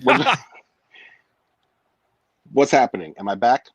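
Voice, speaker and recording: A man joining a livestream over a video call, chatting casually and calmly standing by his opinions. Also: mid-range voice, slow pace, vocal fry, slightly rough, no echo, poor audio. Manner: relaxed, defends his opinions. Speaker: guest. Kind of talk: casual chat.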